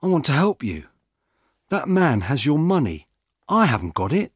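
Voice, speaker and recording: An earnest young woman, voiced by a man sounds worried and keen to help, her pitch raised and animated. It is read close to the mic in a dry room, storybook style. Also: moderate pace, husky, no room sound.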